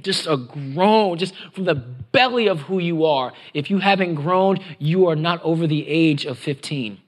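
A man's voice: fairly high pitch, moderate pace. A middle-aged male pastor preaching in a conversational style, dropping to whispers and groans for emphasis. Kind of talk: sermon.

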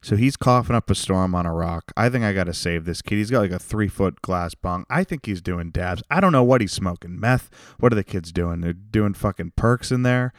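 A man hosting a podcast alone, ranting in a rambling, profane, jokey way with sudden loud bursts. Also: sits low, expressive, moderate pace, few pauses, dry recording, studio quality. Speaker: podcast host. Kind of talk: solo comedic rant.

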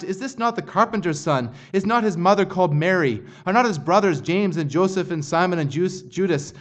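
A man preaching an expository sermon, earnest and building intensity on quoted passages. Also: fairly high pitch. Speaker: pastor.

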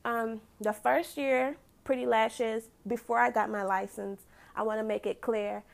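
A woman in her thirties talking casually on her own podcast, chatty and quick to give shout-outs and laugh. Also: fairly high pitch, fairly even intonation, creaky. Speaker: lash business owner and podcast host. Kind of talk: casual solo podcast talk.

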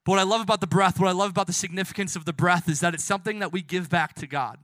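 A man preaching a sermon as a youth pastor and closing in prayer. His delivery is impassioned, swinging from soft hushed lines to loud emphatic ones, with casual self-correcting asides. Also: sits high, steady tone, very fast, no room sound, clean studio sound.

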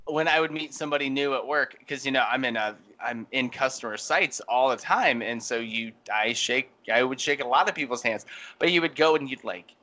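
Bright-voiced chatty man telling stories. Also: medium pitch, fairly quick. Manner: rambling, animated storytelling with many fillers. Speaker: podcast co-host. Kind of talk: casual chat.

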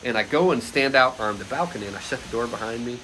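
Animated man telling a story, bright voice. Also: medium pitch, fast, a little hiss or hum. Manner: animated, loose, frequent laughter, shouts quoted lines loudly. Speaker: podcast guest. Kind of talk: casual anecdote storytelling.

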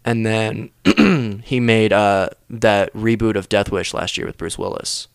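A man's voice: fairly low pitch, a little slow, gravelly, clear, resonant tone, no room sound, clean studio sound. A man who writes comedy, hosting a casual chat, rambling through stories and laughing at his own jokes. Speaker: comedian and podcast host.

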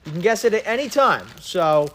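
A man's voice: high-pitched, expressive, fairly quick, a bit bright. A young man co-hosting a sports podcast, running a guessing game in an upbeat, game-show way. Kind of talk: casual sports chat.

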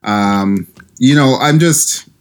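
A man co-hosting a casual sports podcast, easygoing and quick to laugh. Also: medium pitch. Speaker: podcast co-host.

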